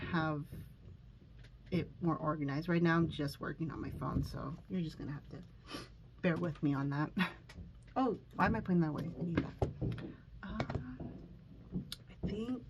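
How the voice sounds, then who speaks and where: Here the makeup vlogger speaks in a lowish voice over noticeable background noise, filming on her phone while doing her makeup in a room at home. Her talk rambles self-consciously with plenty of fillers and false starts, and she comes across as a bit nervous while sniffling from allergies.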